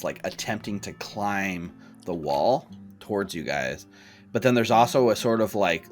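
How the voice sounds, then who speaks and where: Bright-voiced game master with many fillers. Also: male voice, fairly low pitch. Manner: loose narration with many fillers and restarts. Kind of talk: narrating a tabletop game.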